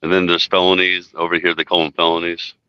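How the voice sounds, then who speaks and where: A man's voice: deep voice, completely flat delivery, fast talker, sharp tone, clean tone, dry recording, highs cut off. A man telling rambling stories in a casual podcast chat, full of "dude" and "like". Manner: rambling storyteller, says "dude" and "like" a lot.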